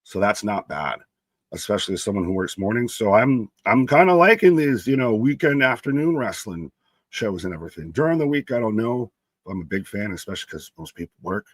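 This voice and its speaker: A young man co-hosts a live wrestling watch-along from a home setup, talking casually and greeting chatters by name. His voice sits low. The sound is dry and close to the mic. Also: animated, a little fast, no room sound. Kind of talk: casual live-stream chat, reading viewer comments.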